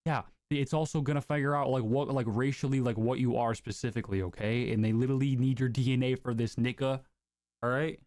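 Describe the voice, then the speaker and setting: A man streaming live, arguing in a combative, profane, quick-fire way. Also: medium pitch, steady tone, darkish tone, dry recording, studio quality. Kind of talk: heated casual argument.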